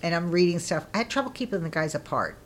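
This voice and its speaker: A middle-aged woman being interviewed, telling stories in a casual, lively way and acting out what people said with bursts of laughter. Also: lowish voice, fast talker, slight background noise. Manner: lively, acts out quoted voices with laughter. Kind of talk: casual storytelling.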